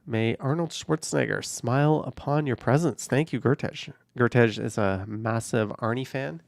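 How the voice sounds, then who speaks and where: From his car as he drives around the city, a young man runs an easygoing live stream, going through viewer messages, thanking supporters and answering questions. He speaks at a medium pitch and normal speed with a creaky voice, and there's no echo.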